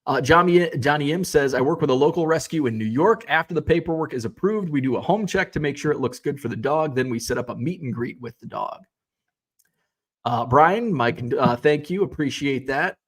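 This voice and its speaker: A man in his thirties hosts a casual card-collecting livestream, reading viewer comments aloud and chatting in a relaxed, rambling way full of fillers and restarts. His voice is on the high side and brisk, and he sounds a little tired, yawning as he goes.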